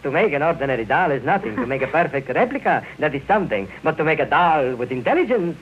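A man's voice: fairly high pitch, very animated, fast. A vain doll maker boasts in a grand, theatrical way. His voice swoops widely, and the old radio recording is muffled with light hiss. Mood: boastful. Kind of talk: old-time radio drama acting.

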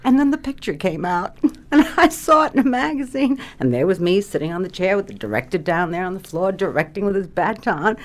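A woman's voice: mid-range voice, animated, brisk. An older woman, a former radio actress, reminiscing in an interview as a chatty storyteller who laughs often.

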